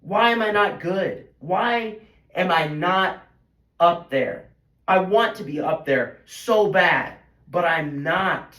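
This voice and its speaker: Teen boy, slightly high voice, frustrated self-critical venting, rambling restarts, roomy echo. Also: takes it slowly, bright, forceful tone. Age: teens. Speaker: high school golfer. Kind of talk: emotional venting monologue.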